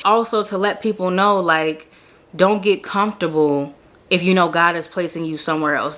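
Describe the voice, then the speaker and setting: A young woman with a fairly low, slightly bright voice shares her personal faith testimony as a vlogger. She's chatty and earnest, packing her casual speech with "like" fillers.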